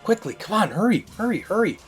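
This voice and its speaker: A man voicing a frantic talking raven messenger, hurried and urgent. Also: high voice, sing-song, faint music behind, voice pushed up.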